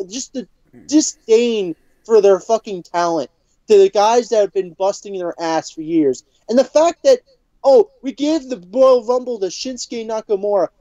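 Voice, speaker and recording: A woman's voice: medium pitch, warm tone, no room sound. A woman co-hosting a podcast, delivering a furious, profanity-heavy rant full of stammered restarts. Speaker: podcast co-host. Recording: dull lo-fi podcast audio.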